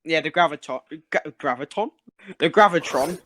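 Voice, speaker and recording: A man's voice: fairly high pitch, normal speed, sharp tone. A Geordie man chatting casually on a podcast, laughing often and swearing freely. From England. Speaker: podcast host. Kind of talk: casual chat.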